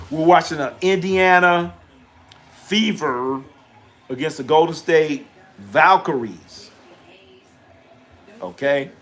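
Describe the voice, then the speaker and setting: A man's voice: a little high, a bit bright. A middle-aged man hosting a casual live stream, trash-talking, repeating himself and answering chat questions aloud.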